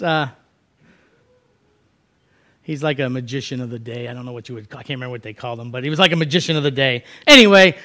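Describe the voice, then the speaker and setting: Man, pastor, sermon, high voice, folksy storytelling. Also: a bit bright. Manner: storytelling, acting out voices in quotes; conversational, folksy.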